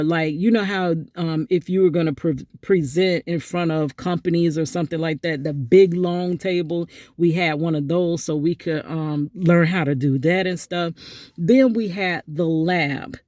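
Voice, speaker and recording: A woman's voice: dry recording, clean studio sound. Chatty middle-aged woman telling a story. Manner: animated, acts out quotes with big pitch jumps; chatty, addresses viewers directly. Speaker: vlogger. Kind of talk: casual storytelling vlog.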